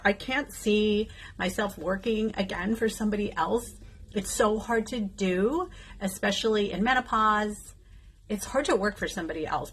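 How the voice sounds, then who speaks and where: A woman in her fifties speaks candidly to her viewers in a casual makeup vlog, rambling with fillers as she talks. Her voice sits at an ordinary middle pitch for a woman. A faint hiss of noise runs under the recording. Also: fairly bright tone, low-quality recording. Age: 50s. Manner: chatty and candid, with frequent fillers. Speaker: beauty vlogger. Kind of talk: casual talking-head vlog while doing makeup.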